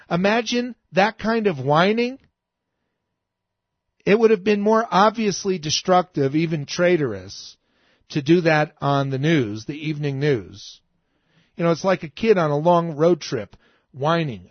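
A man's voice: on the high side, no echo, dull audio. A man hosting a political talk show, delivering an indignant, emphatic monologue that scolds as he goes. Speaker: radio talk show host.

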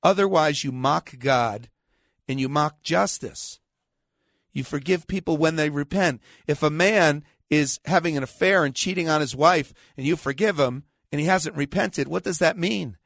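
A man with a somewhat high voice preaches on his own radio program. He argues combatively and with sarcasm, firing rhetorical questions. He quotes scripture slowly and with weight, and the recording is dry and close. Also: creaky, a bit bright, dry recording. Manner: slows down and stresses scripture quotes. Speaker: pastor and radio show host.

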